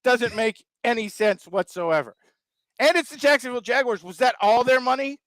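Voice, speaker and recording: A man's voice: very high-pitched, expressive, moderate pace, fairly bright tone, dry recording, low-quality recording. A man from the American South, a regular on a sports talk show, ranting with mocking, exasperated wisecracks. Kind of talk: sarcastic sports talk rant.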